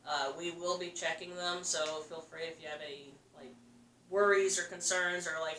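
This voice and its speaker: A woman's voice: fairly low pitch, steady tone, moderate pace, pushed and bright, slight background noise. A woman co-hosting a podcast, affirming her partner and chatting with light laughter. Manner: affirming, laughs often, friendly asides. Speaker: podcast co-host. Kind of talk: casual chat. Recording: roomy, distant mic, faint ambience.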